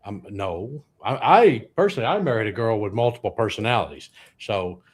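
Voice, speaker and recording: A man's voice: fairly low pitch, lively intonation, fairly quick, husky. A man, a guest comedian telling rambling anecdotes with dry punchlines. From Louisiana, US. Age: 60s. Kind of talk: comic storytelling on a podcast.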